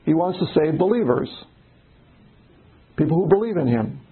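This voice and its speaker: Gravelly, husky Bible study leader. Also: mid-range voice, expressive, moderate pace, narrow, tinny audio. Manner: explains word meanings, asks the group questions. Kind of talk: group Bible study discussion.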